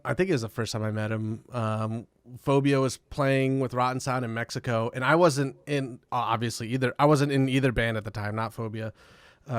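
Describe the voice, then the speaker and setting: Rambling guest, smooth voice, dry sound. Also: male voice, mid-range voice, dry recording. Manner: rambling, swears freely, laughs often. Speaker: podcast guest, musician. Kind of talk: casual podcast chat.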